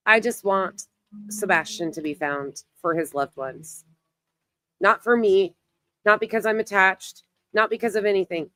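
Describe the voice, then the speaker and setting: A woman hosting a relaxed livestream speaks bluntly, swears, and greets people in her chat by name, though her voice is giving out. It sits lowish and a bit bright, with no room sound.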